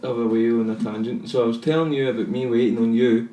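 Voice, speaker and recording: A man's voice: mid-range voice, little pitch movement, fast talker, mellow. Rambling sweary Scottish man, roomy and distant. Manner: rambling, sweary, goes off on tangents. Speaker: podcast co-host. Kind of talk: casual banter. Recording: roomy echo, far from mic, faint noise.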